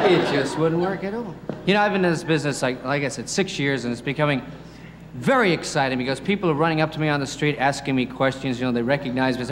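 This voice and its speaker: A man's voice: mid-range voice, fast. A male stand-up comedian telling stories with many chatty asides. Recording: roomy hall with faint noise.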